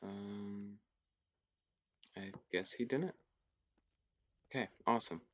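A young man in casual gameplay commentary, thinking aloud in a hushed, often whispered voice, repeating himself as he works things out. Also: fairly low pitch, takes it slowly, slightly rough, no room sound, highs cut off. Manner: thinks aloud, repetitive and tentative. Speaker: gaming YouTuber.

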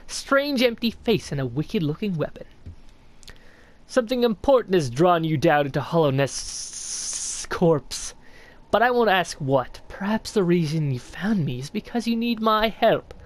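A man voicing an old male snail shaman in a game, reading his lines in a theatrical, mock-gracious way with a raised pitch. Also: animated, a little slow. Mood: courteous.

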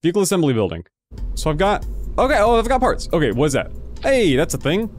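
A man giving casual let's-play commentary, excitable and confused, talking to himself as he plays. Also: high-pitched, fast talker, slight background noise. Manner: excitable, confused, talks to himself while playing. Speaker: gaming video host.

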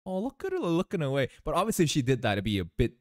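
A man's voice: fairly high pitch, huge pitch swings, rapid-fire, a little mellow. A man hosting an anime reaction, chatting casually and teasing the characters on screen. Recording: faint music behind.

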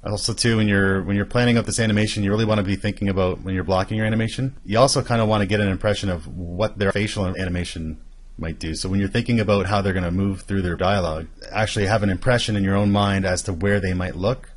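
A man walking through an animation tutorial, explaining each step in a steady way. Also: low voice, fast talker. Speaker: animation instructor. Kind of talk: screen-recorded tutorial.

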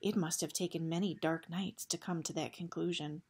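A woman's voice: lowish voice, steady tone, normal speed, darkish tone, husky. A woman voicing a grave, guilt-ridden male bat warrior who speaks formally and stiffly, without contractions.

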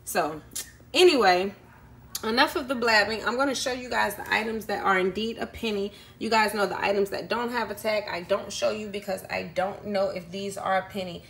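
At home, a YouTube vlogger chats casually through a long story, filling it with ums and acting out the people she met. Her voice is medium-pitched with vocal fry, at a normal speed.

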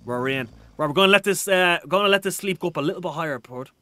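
A man's voice: high-pitched, fast talker, pushed and bright, no echo. Chatty Irish man streaming a game. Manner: rambling and chatty, with frequent restarts and laughs. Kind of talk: live game stream chat, reading out viewer comments.

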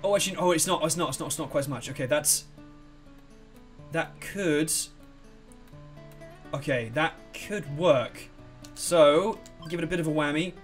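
A young man commentating a game, rambling and excitable, swearing freely. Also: a little high, normal speed, long pauses, soft background music. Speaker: let's play host. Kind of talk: gameplay commentary.

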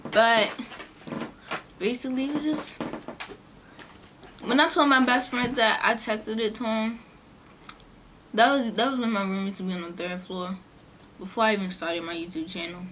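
A woman's voice: moderate pace, long pauses, slight background noise. A young woman vlogger, chatting casually through a storytime and acting out the people in it. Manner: chatty, animated, acts out quotes in a higher voice. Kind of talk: casual storytime during a mukbang.

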